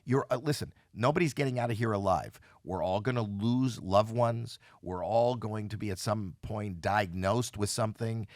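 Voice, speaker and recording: A podcast guest in his sixties speaks with hardly any pauses at a moderate pace, his voice on the low side, in clean studio sound with no room tone. He candidly and emotionally recounts a painful experience, performing the voices of the people in it.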